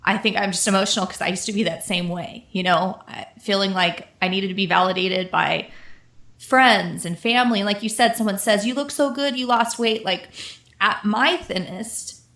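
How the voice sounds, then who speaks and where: A woman's voice: medium pitch, steady tone, moderate pace, gravelly, fairly bright tone. Teary woman on a podcast, echoey room. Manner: emotional, fills speech with "like". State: teary, close to crying. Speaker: podcast co-host. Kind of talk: casual podcast conversation.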